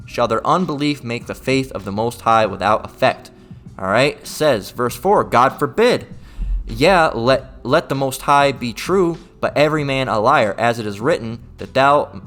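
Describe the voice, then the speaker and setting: A man's voice: medium pitch, fairly bright tone. A man giving an informal sermon, blunt and profane, reading scripture and tagging nearly every point with "all right?". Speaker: street preacher.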